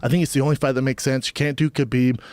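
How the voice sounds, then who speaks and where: A man's voice: medium pitch, quick pace, no echo. A man talking as a podcast guest, telling a story in casual chat and acting out both sides of the exchanges he recalls. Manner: animated, acts out quoted exchanges.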